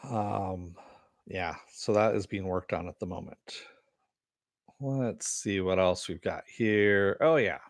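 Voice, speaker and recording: A man's voice: fairly low pitch, no room sound, clean studio sound. A man hosting a podcast, chatting casually and rambling through entertainment news with a laid-back, profane manner and frequent laughs. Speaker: podcast host. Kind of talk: casual chat reading listener comments.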